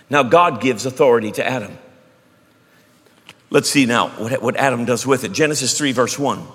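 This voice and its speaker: A man preaching a sermon, emphatic, moving between loud bursts and hushed asides. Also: mid-range voice, husky. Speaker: pastor. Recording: long hall reverb.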